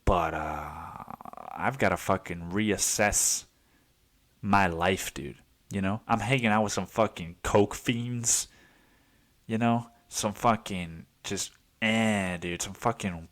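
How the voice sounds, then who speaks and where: A man hosting his own podcast, telling a story in a casual, excitable monologue, swearing freely and saying "dude" constantly. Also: low-pitched, takes it slowly. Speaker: podcast host.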